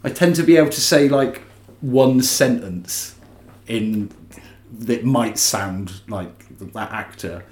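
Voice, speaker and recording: A man's voice: mid-range voice, takes it slowly, a little mellow. Rambling man in a roomy room. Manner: chatty, rambling with restarts, laughs often. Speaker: podcast co-host. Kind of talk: casual chat. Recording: roomy echo.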